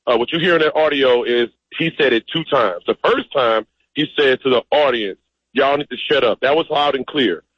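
A man's voice: mid-range voice, normal speed, husky, no echo, muffled recording. A man as a radio interview guest, speaking emphatically and directly. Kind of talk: phone-in interview.

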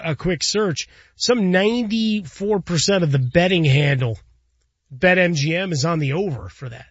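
Slightly high-voiced man talking sports betting. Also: fairly bright tone, dry recording. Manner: conversational, tags statements with "right?", chuckles. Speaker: sports talk co-host. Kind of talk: casual sports and betting talk. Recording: dull lo-fi recording.

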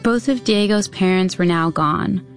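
A woman reporter giving a scripted, measured news narration. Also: lowish voice, soft background music. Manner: measured, even storytelling delivery.

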